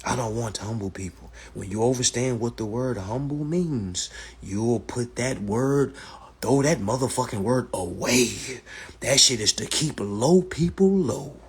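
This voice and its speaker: Male livestream host, husky, blunt and profane, lecture-style. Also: mid-range voice, expressive, measured pace, darkish tone. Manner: blunt, profane and lecturing, repeats "all right". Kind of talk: casual livestream talk. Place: indoors, livestream.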